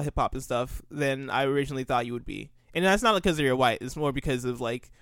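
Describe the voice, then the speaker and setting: A man's voice: mid-range voice, fast, few pauses, fairly bright tone, clear, resonant tone, no echo, studio quality. A man in casual podcast chat, plugging his shows with a rambling, filler-heavy, laid-back manner. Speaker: podcast co-host.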